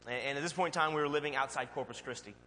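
Bright-voiced male pastor in a hall. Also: mid-range voice, very fast. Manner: conversational storytelling, animated asides. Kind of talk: sermon with personal story. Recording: long hall reverb, faint hum.

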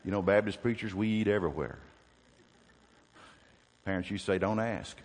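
A man preaching a sermon as a Baptist preacher, telling the story with animated questions to the congregation. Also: fairly low pitch, normal speed, in a large hall.

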